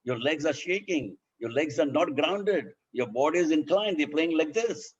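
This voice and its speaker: A man's voice: fairly high pitch, expressive, normal speed, slightly rough, lo-fi sound. A man with an Indian accent giving a public speaking lesson, demonstrating points by voicing example sentences. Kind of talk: instructional talk.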